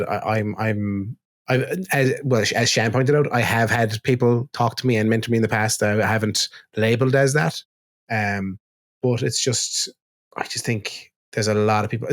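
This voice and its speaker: Animated Irish man venting in casual chat. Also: medium pitch. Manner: animated storytelling, acts out quoted exchanges, swears casually. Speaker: podcast co-host.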